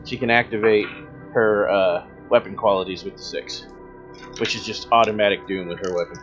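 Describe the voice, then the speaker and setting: A man's voice: lowish voice, steady tone, moderate pace, highs cut off, music in the background. A man narrating as game master of a tabletop role-playing game, patiently explaining rules and describing combat.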